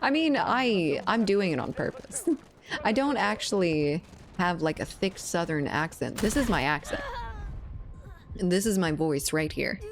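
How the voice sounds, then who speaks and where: American woman gaming on stream, kinda low voice, chatty and swears casually. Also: lively intonation, measured pace, background noise. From United States. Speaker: game streamer.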